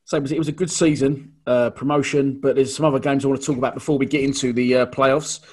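A man hosts a talk show and asks his guest about the past. He talks fast with a husky, slightly rough voice and keeps it chatty. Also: mid-range voice, fairly even intonation. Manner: chatty, recalling details to prompt the guest. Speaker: podcast host. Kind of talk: interviewing.

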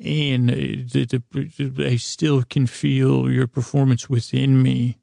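A man narrating a rambling, comedic bedtime story in a halting, deadpan way, full of restarts and asides. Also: medium pitch, gravelly, no echo. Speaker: podcast storyteller.

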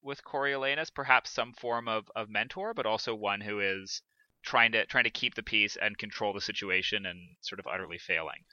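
On a podcast he co-hosts, a man with a lowish, bright, forceful voice talks fairly quickly about a theatre production. He is casual and hesitant, restarting often, and the recording is dull, dry, lo-fi, with no echo.

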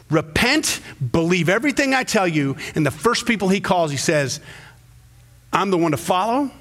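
A middle-aged man, the pastor, preaching a sermon in a church, telling stories and acting out quotes with sudden jumps in pitch. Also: a bit bright.

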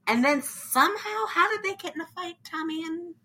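A woman's voice: extremely high pitch, a little fast. A woman in casual chat, animatedly recapping a film and acting out the lines with laughs. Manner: animated, acts out lines in funny voices, laughs often. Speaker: podcast co-host recapping a film.

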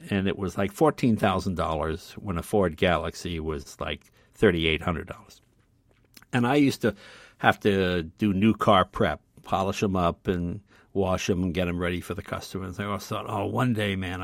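An older man telling casual stories as a podcast guest, acting out the other voices with loud shouts. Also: low-pitched, vocal fry, no echo, clean studio sound. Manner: animated storyteller, acts out voices loudly. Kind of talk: casual storytelling.

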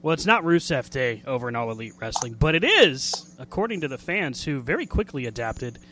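A man's voice: medium pitch, very animated, a little fast, sharp tone, slight background noise. A man hosting a wrestling radio show, chatting casually in a jokey, rambling way and laughing easily. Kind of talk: casual chat.

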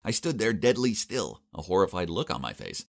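A young man narrates a first-person story with dramatic, comic flair. His voice sits on the low side, yet his pitch leaps and dips all over as he plays up each moment. He tells it like an animated storybook. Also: normal speed, creaky. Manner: expressive, dramatic comic delivery.

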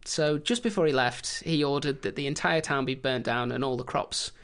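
Male co-host, deadpan storyteller, sarcastic asides, mid-range voice. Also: medium pitch, moderate pace, clear, resonant tone. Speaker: podcast co-host. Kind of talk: casual history podcast storytelling.

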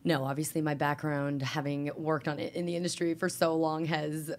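A young woman, a stand-up comedian chatting as a podcast guest, animated and swearing freely. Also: sits low, moderate pace. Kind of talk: casual podcast chat.

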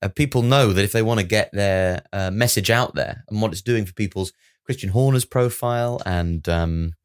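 A man co-hosting a comedy podcast, casual and jokey with quick rambling asides. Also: on the low side, clean tone. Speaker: podcast co-host.

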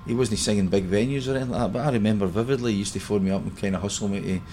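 A man's voice: fairly low pitch, racing, warm tone, faint music behind. A Scottish man in his fifties, chatting on a podcast and telling stories with easy laughter. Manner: chatty storyteller, laughs easily. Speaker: podcast guest. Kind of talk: casual chat.

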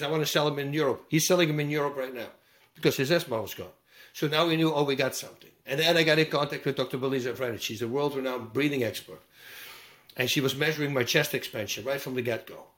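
Lively, emphatic man with roots. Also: mid-range voice. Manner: lively, emphatic, acts out quotes with sound effects. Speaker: guest. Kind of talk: animated storytelling interview.

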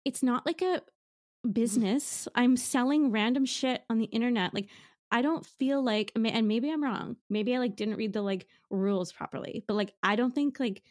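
A woman co-hosting a podcast, telling a story in casual chat, quick and swearing, often laughing. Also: on the high side. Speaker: podcast co-host.

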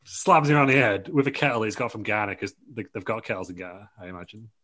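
A man casually pitching a made-up storyline, laughing often and rambling into quick impressions. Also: lively intonation, a bit bright.

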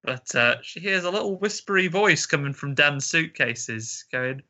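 A man's voice: on the high side, lively intonation, normal speed, pushed and bright. A man co-hosting a casual chat, recapping a film plot with jokes and laughter. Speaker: podcast co-host.

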